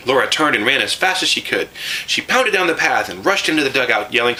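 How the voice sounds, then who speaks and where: Bright-voiced man reading a storybook. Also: mid-range voice, brisk, a little hiss or hum, rough recording. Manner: expressive, showing pictures as he reads. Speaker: reader of a children's book. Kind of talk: reading a children's book aloud.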